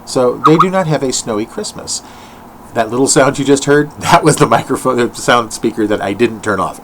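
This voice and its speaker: Rambling self-mocking older man, very lively pitch. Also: brisk, a little hiss or hum, poor audio. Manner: rambling, tangent-prone, self-mocking, with sudden sung and mock-voiced asides. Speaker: solo comedic vlogger. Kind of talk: improvised comic monologue. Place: home.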